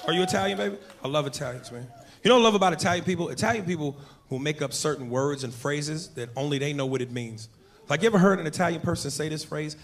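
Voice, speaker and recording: A man doing stand-up comedy on a club stage, crude and profane, working the crowd. His voice sits a little high, and it comes through a handheld stage mic. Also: quick pace, fairly bright tone.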